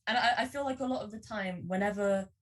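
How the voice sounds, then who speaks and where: A woman's voice: medium pitch, fast, distant mic. A young woman chatting as a podcast guest, laughing often and restarting her sentences. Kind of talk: casual podcast chat.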